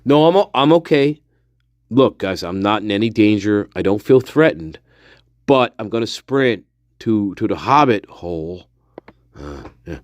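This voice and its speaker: A man's voice: on the low side, animated, a little slow, dry recording. A man in a rambling, mocking monologue, full of fillers, walking through his house while he talks. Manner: mocking, mock-scared, rambling with many fillers. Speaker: vlogger.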